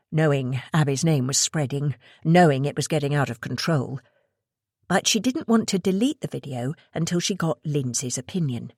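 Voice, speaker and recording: A woman reading a thriller audiobook aloud in a steady storytelling way. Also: low voice, no echo, clean studio sound. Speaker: audiobook narrator. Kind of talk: scripted narration.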